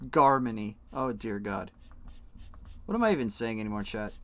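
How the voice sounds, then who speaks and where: A man's voice: on the low side, sing-song, normal speed. A young man streaming, chatting casually to his viewers while coloring flags, rambling, joking and swearing freely. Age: young adult. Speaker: live streamer.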